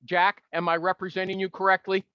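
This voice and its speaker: A man's voice: sits high, completely flat delivery, brisk, smooth, no echo, highs cut off. A man hosting a panel talk show, brash and teasing as he cuts in on his guests. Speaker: show host.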